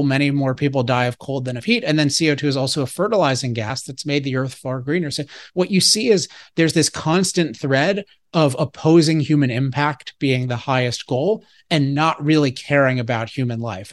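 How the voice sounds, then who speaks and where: A man's voice: mid-range voice, no echo, clean studio sound. A man being interviewed, arguing his points emphatically with frequent restarts. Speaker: interview guest. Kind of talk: argumentative interview talk.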